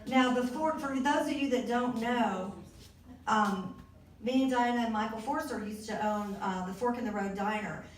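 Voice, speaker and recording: A woman's voice: on the high side, normal speed, far from the mic. Chatty Southern woman at a party. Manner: chatty, folksy, rambling. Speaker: author at her book release. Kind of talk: casual speech to a party crowd. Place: arts center event room. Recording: echoey room recorded from afar.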